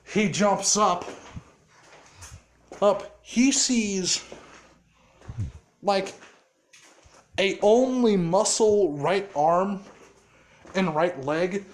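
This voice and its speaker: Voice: medium pitch, very slow, long pauses. A casual storyteller rambling through a fan scenario with frequent laughter, filler words and heavy swearing.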